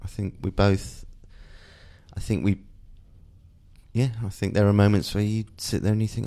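A middle-aged man with a very low, deep voice talks candidly as a guest. He thinks aloud, circling back and restarting phrases as he searches for the right words. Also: little pitch movement, moderate pace, pauses often, dark tone. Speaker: guest, father and TV writer. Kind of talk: candid conversational interview.

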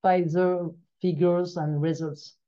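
French-accented woman, halting, muffled call audio. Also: on the low side, level tone, mellow. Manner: halting, searching for English words. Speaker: guest. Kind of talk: remote interview answers.

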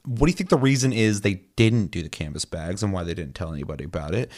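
A man's voice: sits low, expressive, quick pace, a little mellow. A man co-hosting a casual gaming podcast, ranting and swearing often with bursts of laughter. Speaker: podcast co-host.

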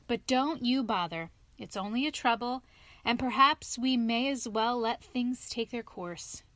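A woman's voice: on the high side, a little slow, a bit bright, dry recording. A woman reading a storybook, voicing a sly male toad who feigns illness in a feeble, languid, self-pitying way. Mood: feeble, martyred. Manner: languid, feeble, sighing, dramatic.

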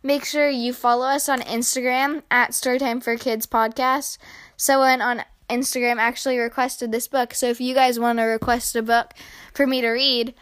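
A woman hosting a children's podcast, reading a storybook aloud in a gentle, measured way. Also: fairly high pitch, little pitch movement, clean tone. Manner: gentle, measured narration with a bright sign-off.

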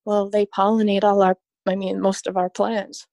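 A woman's voice: mid-range voice, flat delivery, normal speed, gravelly, a little mellow, no room sound. Woman, podcast guest, casual chat, rambling, earnest, laughs easily, dry close sound.

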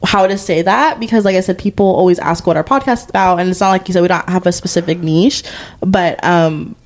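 A young woman co-hosting a casual podcast with her sister, bubbly and quick, often repeating herself as she talks. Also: fairly low pitch. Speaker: podcast co-host. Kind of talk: casual chat.

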